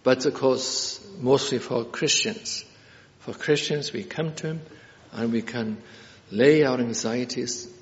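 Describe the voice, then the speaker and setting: A man's voice: mid-range voice, takes it slowly. A man preaches an earnest expository sermon, returning to key phrases again and again. He hesitates often with filler sounds between points. The recording is dull and lo-fi, with long reverb from a church hall.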